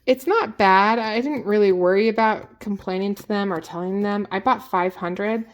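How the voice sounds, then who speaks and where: A woman who owns a small business, chatting to camera in a lively, emphatic, exasperated way as she shares advice from her mistakes. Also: medium pitch, normal speed. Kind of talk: casual advice vlog.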